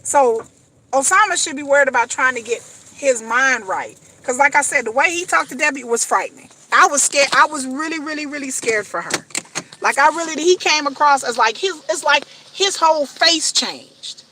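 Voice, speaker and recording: Bright-voiced woman ranting profanely. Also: high voice, expressive, normal speed, a little hiss or hum. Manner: profane, emphatic, repetitive. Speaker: reality TV commentator. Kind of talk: casual ranting commentary.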